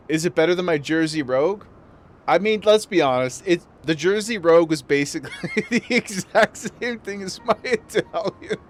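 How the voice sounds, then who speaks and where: A man's voice: a little high, animated, normal speed, soft background music. A man streaming a game, chatting casually with viewers and laughing often. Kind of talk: casual live-stream chat while gaming.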